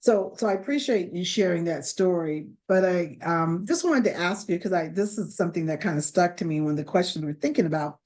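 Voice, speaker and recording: Low-pitched woman asking rambling questions. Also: lively intonation, fairly quick, few pauses, darkish tone. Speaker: interviewer. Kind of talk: webinar interview.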